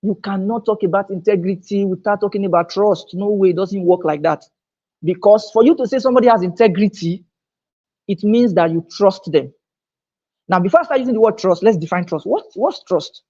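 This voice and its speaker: A woman speaking at a business seminar. She talks emphatically, repeats her words as she restarts phrases, and climbs higher and louder on her key points. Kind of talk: motivational business seminar talk. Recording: dull lo-fi sound.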